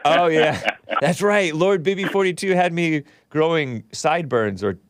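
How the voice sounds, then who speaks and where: A man's voice: fairly high pitch, normal speed, no room sound, studio quality. A congested man hosting a call-in talk show, rambling casually and laughing often between remarks. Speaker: talk show host taking calls and reading chat.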